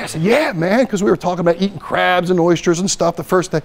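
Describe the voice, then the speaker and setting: A middle-aged man giving a poker lecture as a guest speaker, telling lively anecdotes and acting out the dialogue. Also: high voice, a little fast, creaky. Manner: animated anecdotes, acts out dialogue. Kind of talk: storytelling lecture.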